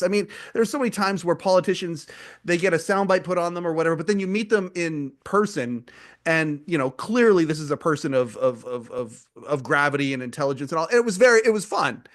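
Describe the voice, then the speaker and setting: Animated, higher-voiced man hosting a podcast. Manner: animated storyteller, repeats words when excited. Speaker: podcast host. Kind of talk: casual chat.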